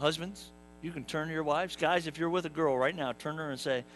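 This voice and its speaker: A man's voice: fairly high pitch, fairly even intonation, fast, a bit bright, slight background noise, rough recording. A young adult man preaching a humorous sermon in a church, acting out the characters and asking the congregation questions. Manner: jokey storyteller, acts out characters, asks the congregation. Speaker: pastor. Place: church sanctuary.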